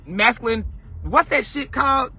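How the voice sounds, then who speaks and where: Young man, high voice, husky edge, animated casual storytelling, phone mic in a car. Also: moderate pace. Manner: animated, emotional, swears casually. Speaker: vlogger. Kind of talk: casual storytelling on a live stream.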